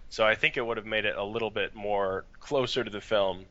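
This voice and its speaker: A man co-hosting a casual podcast chat, giving even, measured opinions. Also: fairly low pitch, dry recording, dull audio. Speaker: podcast co-host.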